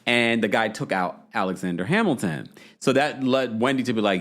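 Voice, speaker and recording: A man hosting a casual reality TV recap, talking playfully and jumping his pitch up to mimic the people he quotes. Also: moderate pace, few pauses, a bit bright. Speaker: podcast host recapping reality TV. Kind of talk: casual chat.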